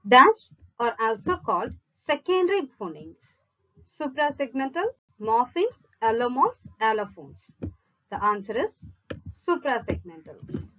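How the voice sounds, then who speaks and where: A woman teacher slowly reading out multiple-choice questions, listing each option before giving the answer. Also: on the high side, big pitch swings, bright, forceful tone, dull audio. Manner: measured, reads each option in a list then gives the answer. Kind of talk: slow read-out quiz lesson.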